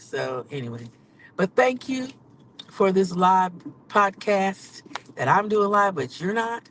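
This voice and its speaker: A woman podcaster and rideshare driver venting in a casual live vlog from her car, swinging from low mutters to loud exclamations. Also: lively intonation, slow, a little hiss or hum, poor audio. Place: in a car on city streets.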